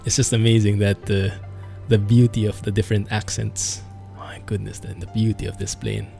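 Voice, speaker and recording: Man, gravelly lowish voice, casual flight-sim stream commentary, chatty and amused, music behind. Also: flat delivery, moderate pace, mellow.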